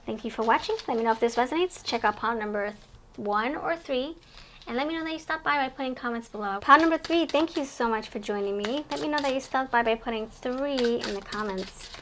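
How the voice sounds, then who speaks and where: A woman's voice: fairly high pitch, fast, a bit bright, a little hiss or hum. A woman giving a casual tarot reading to camera, chatty and rambling, often correcting herself mid-sentence. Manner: chatty, rambling, self-correcting, laughs at her own cards. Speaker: tarot reader.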